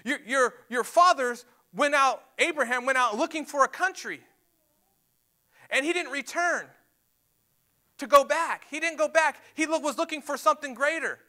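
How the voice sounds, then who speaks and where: Man, sermon, very high voice, emphatic, repeats himself. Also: moderate pace, sharp tone. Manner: emphatic, repeats words and restarts phrases. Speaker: pastor. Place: church sanctuary.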